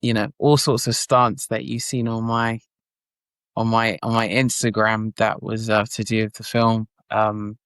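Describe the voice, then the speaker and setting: Young guy actor chatting, gravelly, lots of ums, gets animated telling stories, dry close sound. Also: on the low side, unhurried, dry recording. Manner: hesitant, many fillers, animated retelling. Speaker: actor, interview guest. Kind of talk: casual interview chat.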